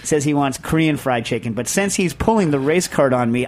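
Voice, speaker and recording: A man hosting a radio talk show in casual, animated, jokey chat with quick quips. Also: mid-range voice. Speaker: radio host.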